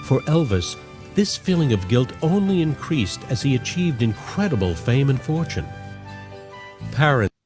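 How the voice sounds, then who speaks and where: A man narrating a documentary in a measured, expressive way. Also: mid-range voice, music in the background.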